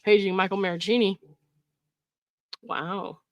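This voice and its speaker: Blunt, foul-mouthed woman host doing commentary over read-out texts; mid pitch, dead-dry sound. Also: level tone, measured pace, no echo. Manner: blunt, swears freely. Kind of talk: commentary reading out text messages.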